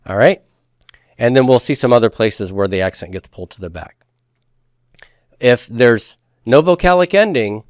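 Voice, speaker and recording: A man's voice: lowish voice, dry recording, studio quality. Patient man lecturing on grammar. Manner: patient, step-by-step explaining, has the class repeat forms aloud. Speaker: Hebrew grammar teacher. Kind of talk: classroom lecture.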